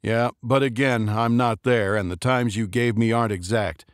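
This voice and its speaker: A man voicing a brisk, capable woman on the phone who speaks in a matter-of-fact, cautioning way. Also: mid-range voice, fairly even intonation, no echo, clean studio sound, lightly acted.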